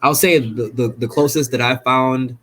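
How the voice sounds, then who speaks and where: A young man from Jamaica, a fighter guest chatting casually on a podcast, laid-back and animated, laughing often. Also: mid-range voice, moderate pace.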